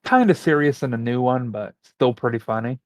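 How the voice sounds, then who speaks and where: A man's voice: mid-range voice, brisk, a little mellow, dry recording, rough recording. A man co-hosting a podcast, talking casually and rambling as he looks things up mid-conversation. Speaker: podcast co-host. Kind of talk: casual chat.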